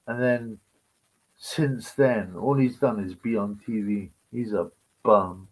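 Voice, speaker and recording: Slow-talking crude man ranting. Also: medium pitch, rough recording. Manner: crude, mocking, rambling. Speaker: live stream host. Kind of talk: casual live-stream rant.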